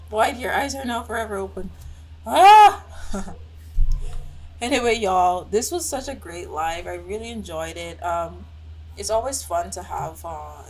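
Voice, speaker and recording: A woman's voice: fairly low pitch, a little hiss or hum, poor audio. A young woman hosting a casual live-stream reaction, playful and exclaiming as she talks straight to her viewers.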